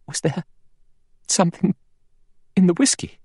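A man voicing a shaken young woman who speaks softly and falters as she searches for words. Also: high-pitched, animated, a little slow, slightly rough, no room sound, clean studio sound, voice pushed up, full character voice. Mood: uneasy. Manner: hesitant, trailing off, soft.

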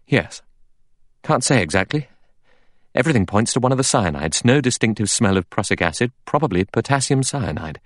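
A man's voice: mid-range voice, lively intonation, a little fast, no room sound, studio quality, voice pushed up, close to an everyday voice. A man voicing a brusque, grave middle-aged doctor who speaks matter-of-factly.

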